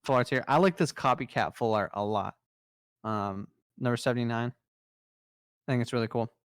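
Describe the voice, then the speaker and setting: A young man co-hosting a casual podcast chat, rattling off trading cards with easy enthusiasm. His voice is smooth and clear, recorded close and dry with no room sound. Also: medium pitch, normal speed, dry recording. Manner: enthusiastic, rattles off card lists. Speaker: podcast co-host presenting trading card news.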